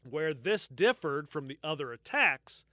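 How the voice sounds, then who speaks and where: A man's voice: fairly high pitch, big pitch swings, a little slow, crowd noise. A man co-hosting a true-crime podcast, recounting the case in casual, profane chat and laughing often. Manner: storytelling, swears freely, laughs often. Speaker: podcast co-host.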